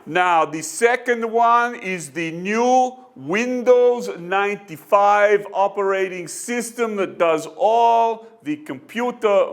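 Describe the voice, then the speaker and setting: An actor playing a pompous, bossy senior weather forecaster who speaks stiff, halting formal English in a put-on accent. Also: male voice, high-pitched, smooth. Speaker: comic actor. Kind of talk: amateur comedy sketch.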